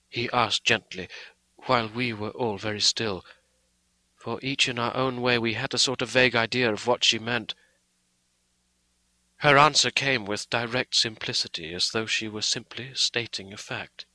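A man narrating an audiobook in a measured, steady storytelling manner. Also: lowish voice, no echo, rough recording.

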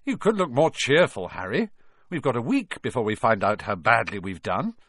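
A man's voice: medium pitch, big pitch swings, normal speed, a bit bright, husky, no echo, clean studio sound, heavily acted. A man voicing an easygoing, lazy schoolboy wizard in a storybook reading, laid-back and reassuring.

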